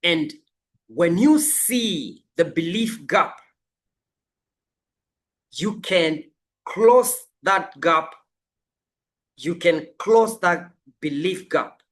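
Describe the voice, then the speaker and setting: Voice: mid-range voice, expressive, very slow, long pauses. A life coach giving a motivational coaching talk, emphatic and repeating affirmations over and over.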